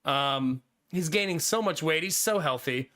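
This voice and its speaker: A male streamer with a high, bright voice chats loosely with his live viewers. He keeps things easygoing and breaks into laughter often. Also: lively intonation, a little slow. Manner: laid-back and chatty, laughing often. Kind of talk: casual chat with live viewers.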